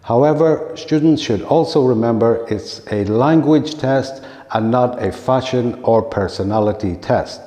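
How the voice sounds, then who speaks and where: Guy doing a teacher training talk, measured and clear, mellow voice, echoey room. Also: medium pitch. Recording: echoey room with long reverb.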